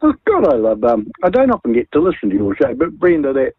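An older man calling a radio show over the phone, opinionated and animated, stumbling and repeating words. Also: mid-range voice, quick pace, slight background noise. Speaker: radio caller. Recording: phone line.

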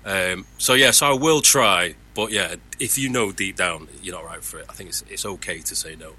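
A man's voice: sits low, normal speed, sharp tone, breathy edge. A man who is a voice actor, talking candidly and earnestly about his work in casual chat.

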